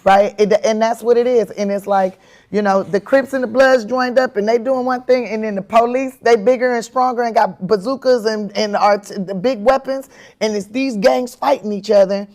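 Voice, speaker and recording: A comedian and actress tells candid stories as an interview guest, speaking at a moderate pace in a slightly high voice. She's animated, acting out her own quotes and breaking into bursts of laughter.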